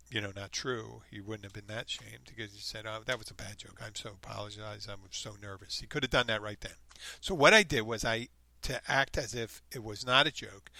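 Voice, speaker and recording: A man hosts a solo podcast and reads a story aloud with animated, mocking quoted voices. His tone is bright and clear. The sound is close and dry, with no room echo. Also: on the low side. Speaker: podcast host.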